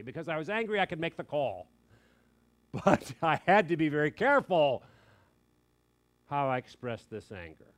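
An older man preaching a sermon, telling a family story in an earnest, conversational way. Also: a little high. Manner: earnest, conversational, quoting others in lively asides.

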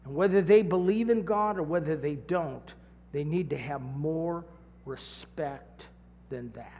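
A man preaching a sermon, telling stories with dramatic shouts and drawn-out emphasis. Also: on the high side, in a large hall, dull audio, a little hiss or hum. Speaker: pastor.

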